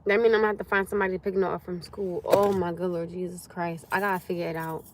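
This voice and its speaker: A woman's voice: on the low side, fast, slight background noise. A young woman hosting a casual livestream, talking loosely with viewers, reading their comments and swearing freely as she goes. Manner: chatty, swears freely, answers chat comments, animated. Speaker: livestream host.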